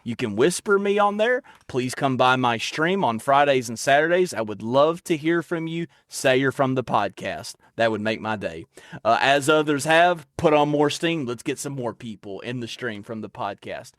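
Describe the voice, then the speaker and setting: A man's voice: mid-range voice, animated, moderate pace, a bit bright, no room sound, clean studio sound. A man with a Southern accent hosting a casual podcast, talking loosely with lots of laughs and folksy fillers. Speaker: podcast host.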